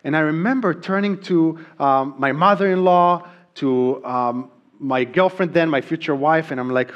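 Speaking at a moderate pace in a slightly high voice, a middle-aged Israeli man preaches with earnest conviction, and the recording has its highs cut off. He is a pastor and native Hebrew speaker with an Israeli accent, prone to ums and restarts.

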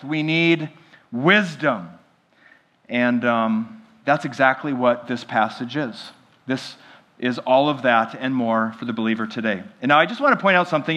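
A man preaching a sermon as pastor, animated and often asking the congregation questions. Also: a little high. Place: church.

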